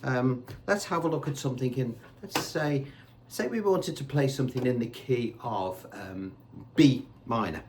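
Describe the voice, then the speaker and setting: A man's voice: medium pitch, normal speed, background noise. A man giving a casual guitar lesson, talking in a chatty way and asking rhetorical questions. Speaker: guitar teacher. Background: faint guitar and backing tracks.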